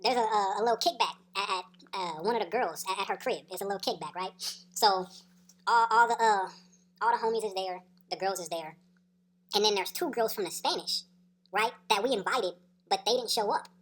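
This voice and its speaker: A woman's voice: mid-range voice, brisk. A woman telling a story in a casual, slangy, profane way, laughing as she goes. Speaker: storyteller vlogger.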